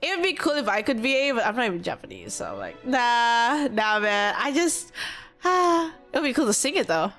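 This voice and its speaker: Excitable female streamer, higher voice with wide swings, quick reactions. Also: faint music behind. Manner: excitable, loud exclamations, giggly. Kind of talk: casual game reaction and live translation.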